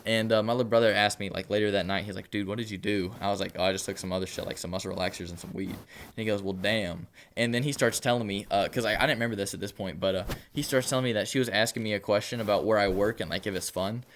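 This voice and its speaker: Young dude rambling thru a story, lots of "uh" and "like", talks quick. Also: male voice, lowish voice, steady tone, a bit bright, slight background noise. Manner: rambling and laid-back, heavy filler words. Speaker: storytelling vlogger. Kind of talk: casual storytelling.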